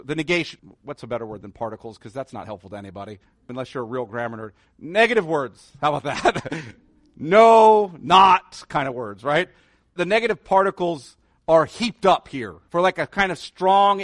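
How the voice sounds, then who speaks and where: A man preaches a sermon in a fairly high voice. He is earnest and builds to emphatic declarations. The sound is dry and close. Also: fairly bright tone, no echo. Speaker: pastor.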